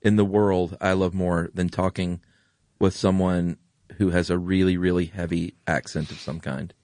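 A man's voice: sits low, level tone, normal speed, a little mellow, dry recording, clean studio sound. A middle-aged man with a General American accent, co-hosting a podcast in casual, enthusiastic chat. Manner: enthusiastic, gushing. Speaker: podcast co-host.

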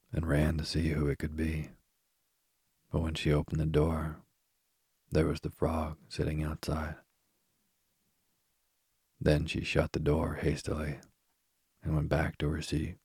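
A man reading a fairy tale aloud at a slow, even pace. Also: a bass voice, breathy edge, no echo. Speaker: narrator. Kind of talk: storybook reading.

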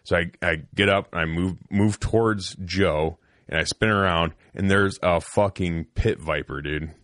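A man in his thirties, an army veteran and podcast host, telling a profane, animated story among friends. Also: sits low, measured pace, no room sound, studio quality. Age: 30s.

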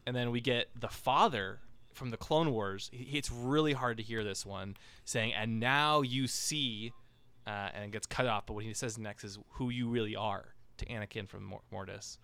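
Smooth-voiced man hosting a chatty podcast. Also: mid-range voice, moderate pace, a bit bright, no room sound. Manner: rambling, many fillers and restarts. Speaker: podcast host. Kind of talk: casual podcast discussion.

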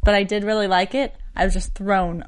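A woman co-hosting a casual aftershow chat, animated and quick to laugh. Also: medium pitch. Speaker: co-host.

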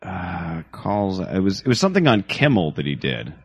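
A man with a low voice hosts a casual podcast, rambling through a story with plenty of fillers. His pitch swings widely as he talks. The sound is close and dry, with no room echo. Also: very animated, moderate pace, breathy edge, lo-fi sound.

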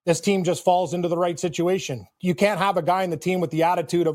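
A man's voice: high voice, steady tone, fast talker, a little mellow. A man co-hosting a sports talk show, giving blunt opinions. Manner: laughs along, blunt opinions.

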